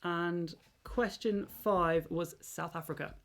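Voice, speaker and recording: A woman with a low voice co-hosts a relaxed quiz. She reads the answers in a deliberate, measured way. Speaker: quiz co-host. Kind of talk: casual quiz answer readout.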